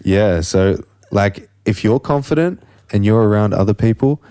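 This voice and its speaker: A man with a fairly low voice hosts a casual podcast conversation. He rambles and philosophizes, stopping to search for words and swearing freely. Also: lively intonation, moderate pace, mellow, clear, resonant tone. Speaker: podcast host.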